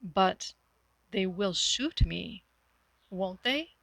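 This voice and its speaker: A woman's voice: mid-range voice, measured pace, no room sound, close to an everyday voice. Frightened young fugitive man, panicky then hollow, read by a woman storyteller, dry close sound. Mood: shaky. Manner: panicked, then flat and shaky.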